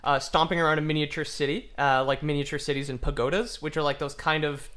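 A man's voice: on the high side, level tone, fast, fairly bright tone. A man hosting a casual podcast and explaining a topic to friends in a joking, profane way. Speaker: podcast host presenting the topic.

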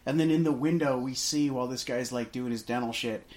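A man's voice: mid-range voice, brisk, darkish tone. A man co-hosting a casual movie podcast, rambling through a scene with many restarts and fillers. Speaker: podcast co-host.

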